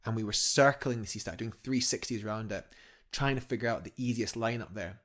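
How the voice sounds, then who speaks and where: A man's voice: fairly low pitch, fairly quick, a bit bright. A young man, a guest climber, telling a story eagerly in a casual interview, rambling with fillers and restarts.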